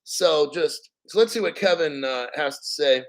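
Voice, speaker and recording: A man's voice: on the high side, sing-song, slow pace, fairly bright tone. A man hosting a crypto channel in casual livestream chat, blunt, profane and rambling.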